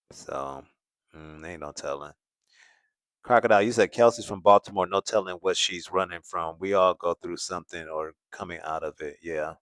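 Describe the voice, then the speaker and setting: Man, very deep voice, dry close sound, casual livestream chat, relaxed and musing. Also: clean tone, no room sound. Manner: relaxed, musing, laughs often. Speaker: commentary channel host. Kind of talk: casual livestream chat reading viewer comments. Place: home in California.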